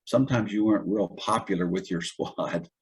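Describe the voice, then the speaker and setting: Older man, 70s, husky low voice, wry chuckling storyteller, casual interview. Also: fairly quick. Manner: wry, chuckling while recounting anecdotes. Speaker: Army veteran interviewee.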